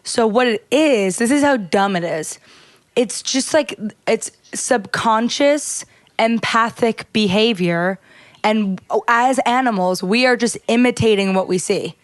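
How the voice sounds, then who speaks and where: A woman's voice: a little high, measured pace. Chatty woman cohost on a video call, keeps restarting her sentences, goes off on tangents. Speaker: podcast co-host. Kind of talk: casual chat. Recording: live stream over a video call.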